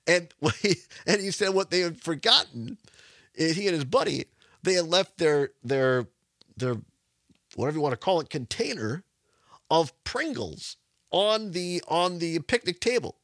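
A man's voice: fairly high pitch, lively intonation, a little slow, a bit bright, no echo, clean studio sound. A man hosting a radio talk show, chatty and rambling, laughing often. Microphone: studio microphone.

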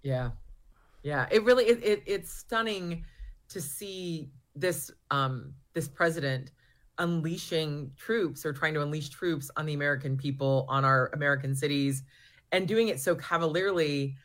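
A woman's voice: low-pitched, a little slow. A woman guest in an interview, speaking earnestly with frequent restarts and fillers. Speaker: guest, research group founder. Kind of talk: interview answers.

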